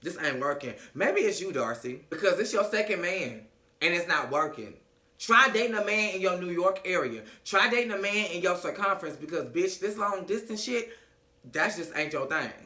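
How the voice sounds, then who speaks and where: A man doing a comedic recap vlog of a reality show, sassy and animated, acting out the cast's lines. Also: sits high, moderate pace, echoey room.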